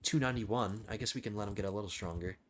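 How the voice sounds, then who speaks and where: Over slight background noise, a man with a low, strained voice speaks fast. He hosts a gaming channel and casually narrates his thinking as he plays a strategy game in a let's play.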